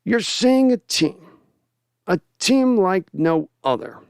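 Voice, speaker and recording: A man impersonating a solemn, clipped TV anthology narrator, speaking slowly and ominously with a stiff upper lip. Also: high voice, sing-song, gravelly, smooth, no echo, clean studio sound, voice pushed up, heavily acted.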